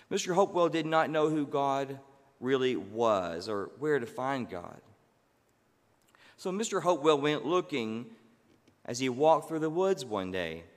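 A male preacher tells a story in a slow, gentle manner with thoughtful pauses. His voice sits at a middling pitch. A long hall reverb trails behind his words. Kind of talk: sermon storytelling.

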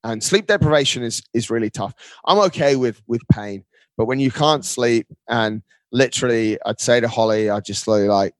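A man's voice: mid-range voice, fairly quick, no room sound. A man speaking as an interview guest, upbeat and emphatic, often calling his host mate. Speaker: guest, marathon runner. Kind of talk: casual interview talk.

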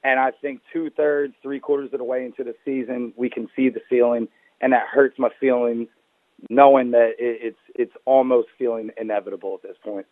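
A man's voice: mid-range voice, flat delivery, a little fast, no echo, phone-quality sound. A man who is a guest on a casual sports podcast gives blunt opinions and folksy sayings, often calling the host brother.

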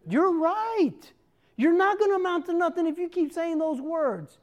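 Preacher, woman in her 50s: high voice, lively delivery that acts out the people she quotes. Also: a little slow, muffled recording. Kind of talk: sermon.

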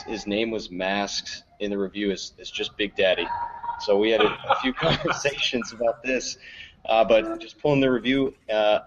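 A man's voice: lowish voice, dull audio, a little hiss or hum. A man in a casual podcast chat, talking hesitantly as he reads out a review.

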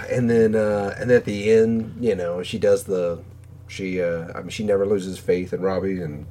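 A man in casual podcast chat, slangy and animated, who jumps into high squeaky voices when quoting film scenes. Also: a little slow. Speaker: podcast guest.

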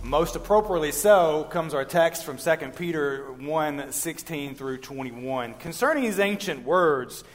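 A man's voice: a little high, animated, a little slow, hardly any pauses, faint music behind. A man reading scripture aloud in a church service, earnest, with small stumbles and fillers. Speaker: scripture reader.

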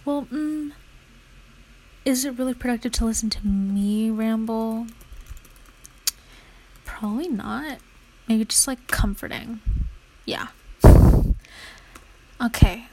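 A young woman talks loosely as she studies, rambling from one thought to the next and filling the gaps with "like". Her voice sits a little high and carries a gravelly fry. Now and then she drops to a half-whisper as she mutters her notes. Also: takes it slowly, pauses often, a little mellow, rough recording. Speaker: vlogger. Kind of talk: casual chat while studying.

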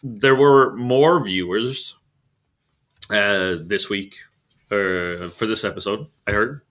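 A man co-hosting a casual podcast chat about wrestling, talking in halting bursts with many fillers and restarts, chuckling now and then. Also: fairly low pitch, a bit bright. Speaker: podcast co-host.

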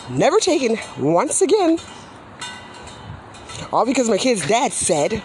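An indignant woman in a heated, profane monologue. Her pitch swings widely as she vents. A loud hum of passing vehicles runs under her voice. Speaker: mother venting about social services. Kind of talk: angry monologue rant.

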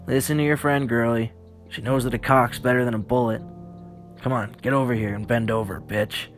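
A man's voice: medium pitch, steady tone, a little fast, soft background music, close to an everyday voice. A man voicing a cruel, crude male survivor who snarls taunting threats in a horror audiobook. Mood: menacing.

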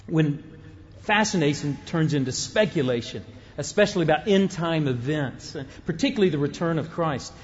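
Chatty middle-aged pastor, lo-fi sound. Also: male voice, on the high side. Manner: conversational and humorous, with frequent self-interruptions. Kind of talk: sermon.

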